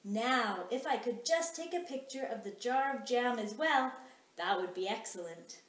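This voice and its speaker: A woman voicing a careful, curious female character in a children's storybook, reading gently. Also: a little high, expressive, normal speed. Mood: earnest. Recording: echoey room.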